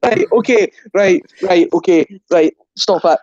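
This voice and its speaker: A man's voice: sits high, unhurried, darkish tone, highs cut off. A young man hosting a podcast, joking and ribbing his guests in casual banter. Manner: laughing, ribbing, hesitant fillers. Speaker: podcast host.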